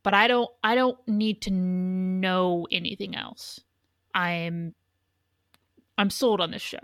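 A woman co-hosting a podcast, talking in a loose, rambling way with lots of restarts and casual swearing. Her voice has a gravelly edge. The recording is dry and close. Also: lowish voice, fairly even intonation, takes it slowly, fairly bright tone, no echo. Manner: rambling, profane, frequent restarts. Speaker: podcast co-host. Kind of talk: casual chat.

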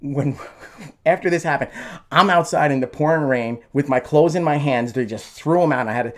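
A middle-aged man who once sang in a band tells a story in conversation, his voice on the high side and brisk. He restarts often and leaps into raised voices to act out quotes.

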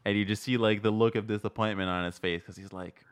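A man's voice: lowish voice, steady tone, fast, few pauses, clean tone. A man telling a story in casual chat, rambling with many fillers and acting out quotes. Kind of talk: casual podcast chat about films.

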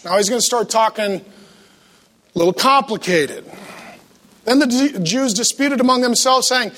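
A man's voice: very high-pitched, measured pace, pauses often. A man preaching a humorous sermon to a church congregation, playfully acting out the voices he quotes. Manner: animated, talks to the congregation.

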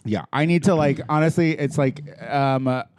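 A man's voice: fairly high pitch, steady tone, moderate pace, a little mellow, clean tone, no echo, studio quality. A man in his forties chatting casually, blunt and teasing, swearing freely. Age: 40s. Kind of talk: casual chat.

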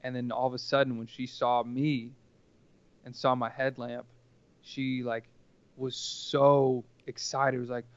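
A man's voice: medium pitch, little pitch movement, unhurried, clean tone, dry recording, muffled recording. A man telling a personal story casually as a podcast guest, rambling and earnest, with lots of filler words.

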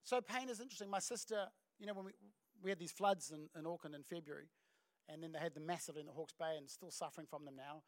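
A middle-aged New Zealand pastor preaches from a church stage, his voice pitched high for a man. He tells stories with animated energy, acting out the voices of the people in them. The sound is dry and close, with little room echo. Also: fast. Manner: animated storytelling with acted voices and laughs. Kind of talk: sermon.

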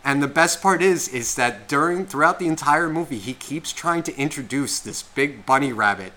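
A man in his thirties, a podcast co-host, telling a long rambling story in casual chat, swearing a lot and filling every pause with "like.". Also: a little high, expressive, pushed and bright. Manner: rambling, heavy profanity, constant "like" fillers.

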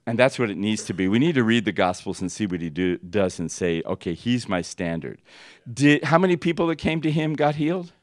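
A middle-aged American man teaching a ministry school class, telling stories with laughter and pitch leaps at the high points. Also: brisk, no echo. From United States. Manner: animated storytelling, laughing, voices jumping high for the climaxes. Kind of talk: storytelling sermon. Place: teaching room with an audience.

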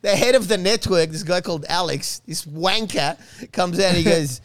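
A man telling a long story in casual chat, animated and profane, with many restarts and laughs. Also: sits high, moderate pace, over a noisy crowd. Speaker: guest telling stories.

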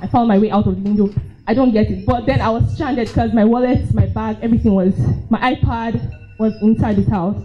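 Lively young Nigerian woman telling a story. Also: a little high, fairly quick, faint music behind. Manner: lively, laughing, acts out her own reactions. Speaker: storyteller at a live event. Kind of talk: personal storytelling. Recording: dull lo-fi live recording.

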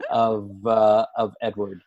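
A man hosting a casual interview, relaxed and a little hesitant as he leads into his questions. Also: lowish voice, slow pace, lo-fi sound. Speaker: host.

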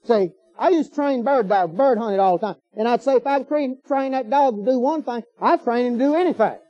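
A man's voice: extremely high pitch, fairly quick, mellow. A man preaching a sermon in a folksy, emphatic way, firing off rhetorical questions. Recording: dull lo-fi sermon recording.

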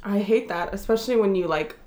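A woman's voice: mid-range voice, fairly quick, darkish tone. A young adult woman hosting a casual chat, giggling often and filling her talk with "like". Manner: giggly, filler-heavy chatter. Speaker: host. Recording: roomy echo.

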